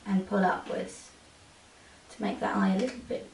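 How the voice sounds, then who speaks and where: A woman talks through a makeup tutorial, her voice a bit gravelly and soft as she coaxes her model. She sounds set back from the mic in a roomy space. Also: medium pitch, steady tone, normal speed. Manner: soft-spoken, coaxing instructions to a model. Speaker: makeup artist. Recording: roomy, from a distance.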